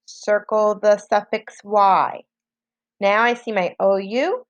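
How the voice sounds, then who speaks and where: A woman teacher leads a slow, patient spelling lesson for children, sounding out letters one at a time. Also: mid-range voice, fairly even intonation, no room sound. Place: home, online lesson.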